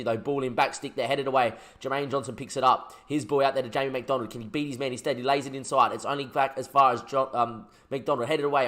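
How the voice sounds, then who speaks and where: A man, commentating his own football management game as a let's play, shouting when goals go in. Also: mid-range voice. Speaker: gaming YouTuber.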